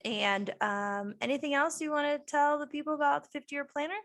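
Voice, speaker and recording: A woman's voice: high-pitched, fairly quick. A woman hosting a casual chat, telling stories animatedly and acting out what people said. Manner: animated storytelling, acts out quotes. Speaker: host.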